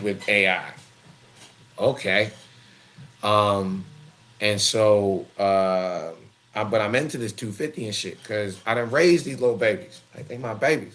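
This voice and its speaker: A middle-aged man, hosting a live show and telling a blunt, profane story full of slang. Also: lowish voice. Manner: blunt, heavy swearing, animated, street slang.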